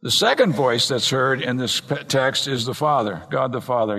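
A man preaching an earnest expository sermon from the pulpit, slowing down and speeding up to stress points. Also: medium pitch, creaky, pushed and bright. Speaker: pastor. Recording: long reverb in a large hall.

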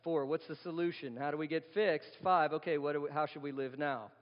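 A man with a slightly high voice preaches a sermon, talking with his congregation and asking them questions. His voice carries a long reverb from the church hall. The recording sounds somewhat dull and lo-fi. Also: steady tone, a little fast. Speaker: pastor. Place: church sanctuary.

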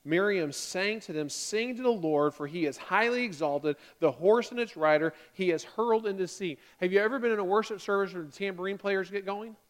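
Male pastor, high-pitched, lively sermon delivery with playful acted-out asides. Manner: animated, acts out the grumbling Israelites in quick excited bursts.

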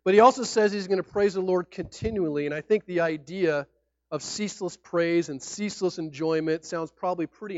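A man preaching a sermon in an animated, conversational way, sometimes acting out people's reactions. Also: a little high, no room sound. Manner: animated, acts out shouting fans and mock-formal speech. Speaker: pastor. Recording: dry, dull lo-fi sound.

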